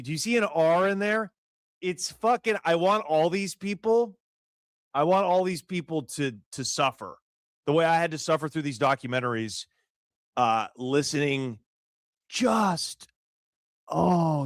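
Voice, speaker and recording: A man's voice: fairly high pitch, a little slow, dry recording, studio quality. A man co-hosting a comedic podcast, ranting in an exaggerated, mocking way. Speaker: podcast co-host.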